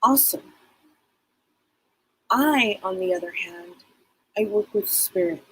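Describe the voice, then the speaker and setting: A woman's voice: mid-range voice, takes it slowly, slight background noise, rough recording. A middle-aged woman hosting a live psychic reading broadcast, rambling casually with many fillers. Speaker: psychic show host.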